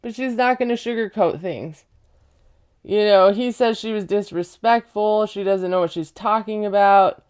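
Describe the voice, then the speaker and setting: A woman recapping a reality show in casual chat, sarcastic and quick to laugh at her own jokes. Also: medium pitch, darkish tone, clear, resonant tone. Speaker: recap vlogger.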